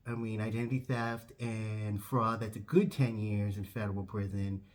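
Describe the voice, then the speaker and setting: A man's voice: fairly low pitch, fairly even intonation, moderate pace, lightly acted. A man voicing a stern police officer who scolds someone for his attitude. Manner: scolding, lecturing.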